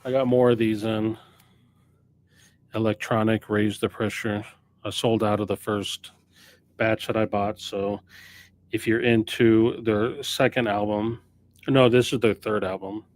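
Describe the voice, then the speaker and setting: There's no echo around this man's fairly low, level voice as he speaks a little slowly and pauses often. He owns a record store and chats casually on a live stream about new arrivals, rambling off the cuff and correcting himself mid-sentence.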